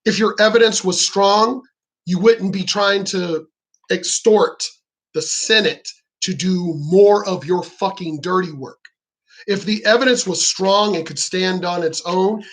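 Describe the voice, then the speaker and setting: Angry vlogger, profane, sarcastic, mid pitch. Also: unhurried. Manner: profane, heated, sarcastic, mocks opponents in quoted voices. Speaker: political vlogger. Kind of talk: angry ranting commentary.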